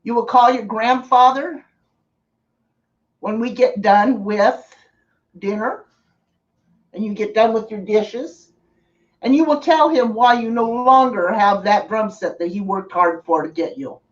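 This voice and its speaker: A stern father lays down a firm, measured scolding, as a woman puts him on in a slightly lowered voice. The voice sounds far from a dull, lo-fi mic. He speaks slowly. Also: lightly acted.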